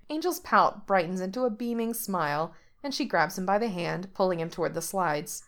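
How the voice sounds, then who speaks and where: A woman narrating a story aloud with steady, expressive delivery. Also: on the low side, normal speed, hardly any pauses.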